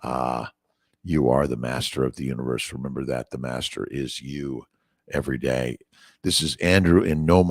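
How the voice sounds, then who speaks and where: An American man in his sixties, with a very deep, slightly mellow voice, hosts a morning livestream away from his usual office. He rambles encouragingly while reading out viewer names and comments in casual chat. He's on a phone mic, yet the sound is dry and studio quality.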